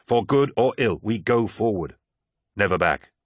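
A charismatic, fatherly male warlord, voiced by a man speaks in grand, theatrical, persuasive tones. The voice sits somewhat raised and louder than the narration around it. The recording is close and dry. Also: lowish voice, animated, measured pace, no room sound. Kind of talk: audiobook character reading.

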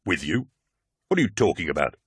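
A man's voice: low-pitched, very animated, a little fast, husky, dry recording, studio quality, full character voice. A man reading an audiobook, voicing a blunt, defiant male veteran warrior with a sardonic edge. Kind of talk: audiobook character voice.

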